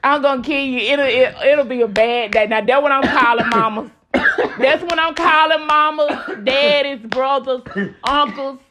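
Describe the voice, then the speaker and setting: A woman, talking in a slightly high voice. She chats casually, brash and profane, laughing as she goes. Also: measured pace, crowd noise. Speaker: host. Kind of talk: casual chat.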